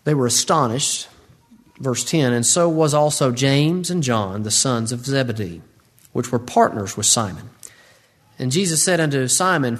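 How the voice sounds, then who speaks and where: A man preaching a sermon, acting out the voices of Bible figures with big swings in pitch. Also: normal speed.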